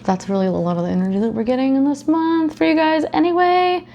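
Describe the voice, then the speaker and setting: Woman, gravelly, casual tarot reading, chatty and profane, young adult. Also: high-pitched, steady tone, fast, warm tone, muffled recording. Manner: chatty, swears freely, acts out silly quoted scenarios. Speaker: tarot reader.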